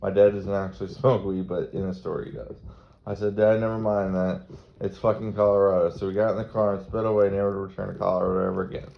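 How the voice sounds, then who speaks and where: A man's voice: deep voice, little pitch movement, fast, vocal fry. A man from Maryland telling a rambling, crude stand-up story. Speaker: comedian. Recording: dull lo-fi recording with faint noise.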